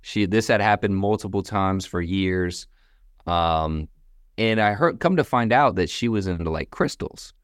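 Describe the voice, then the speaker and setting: A young man with a very deep, low voice tells stories in a relaxed, chatty way. He sprinkles in casual slang and laughs easily between points. The sound is dry and close, with no room around it. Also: a little slow, clean tone, no room sound. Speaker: guest, company founder. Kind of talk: casual storytelling interview.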